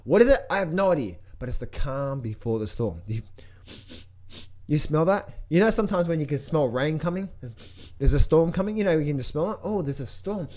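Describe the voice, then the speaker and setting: Guy hyping a market update, voice jumps all over, kinda high, keeps repeating himself. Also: brisk. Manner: excitable, repeats phrases, jokey chipmunk impressions. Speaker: trading educator giving a market update. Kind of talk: animated casual market commentary.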